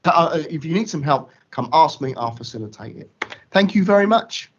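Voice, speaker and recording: A man gives a fired-up motivational speech and drives his points home by repeating them in slangy, emphatic bursts. His voice sits fairly high for a man. The audio comes through a dull, lo-fi video call. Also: lively intonation, fairly quick. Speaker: guest speaker. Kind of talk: impassioned motivational talk.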